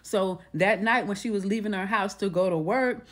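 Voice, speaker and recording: A woman's voice: mid-range voice, normal speed. A woman retelling a true crime case in a casual, conversational way, restarting her sentences often. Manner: conversational, with frequent restarts and acted quotes.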